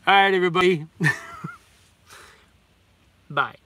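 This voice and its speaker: A man's voice: sits high, slow pace, pushed and bright, no room sound. A man, hosting a casual livestream chat in a rambling, heartfelt way and talking fondly to his dog. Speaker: vlogger host.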